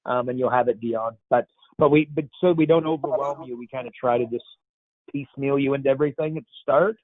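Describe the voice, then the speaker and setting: A man's voice: medium pitch, quick pace, no room sound. Man, host, chatty, upbeat, tinny dry call audio. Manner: upbeat, chatty, loose slang. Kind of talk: casual Q&A on a video call. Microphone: video call.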